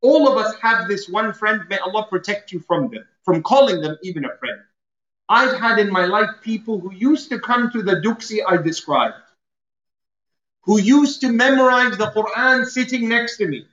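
A man delivering a sermon in a bright, forward voice that rings through a roomy space. He explains Arabic terms and acts out everyday scenes. The sound is a little dull and muffled. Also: high-pitched, animated, moderate pace. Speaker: preacher.

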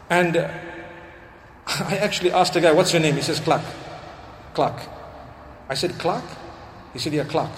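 Male preacher, high voice, sermon, storytelling, Arabic quotations, long hall reverb. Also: a little hiss or hum. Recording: echoey hall with faint ambience.

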